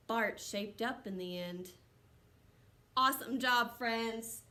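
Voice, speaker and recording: Bright, cheerful woman teaching first grade. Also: on the high side, slow pace, long pauses. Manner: upbeat, encouraging, talks directly to children. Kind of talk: online lesson to young children.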